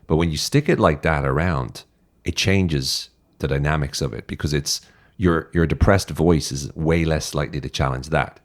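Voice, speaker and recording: Podcast guest: Irish man, very low voice, blunt and profane, direct. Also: moderate pace. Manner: blunt, swears freely, direct advice. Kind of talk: casual interview talk.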